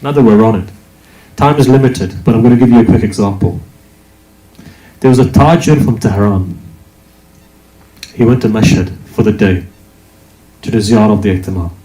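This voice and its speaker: Male preacher giving an emphatic sermon; mellow, relaxed voice in a roomy space. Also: on the low side, moderate pace, long pauses. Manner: emphatic, with rhetorical questions. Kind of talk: religious sermon. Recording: echoey hall.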